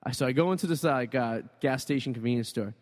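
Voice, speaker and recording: Fast-talking man telling stories. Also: medium pitch, in a large hall. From Boston area, USA. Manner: rambling storyteller, quick and animated. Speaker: show host. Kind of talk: crude comedic radio chat.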